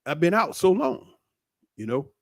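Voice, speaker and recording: A middle-aged man, talking in a casual, preachy monologue that is animated and full of swearing. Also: on the high side, a little slow, dry recording, clean studio sound. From United States. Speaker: commentator.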